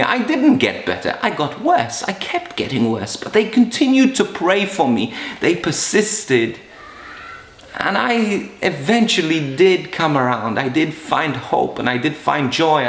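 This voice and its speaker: A man's voice: on the high side, a bit bright. A middle-aged man and priest from Malta, giving an earnest, emotional personal testimony with frequent restarts. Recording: roomy echo.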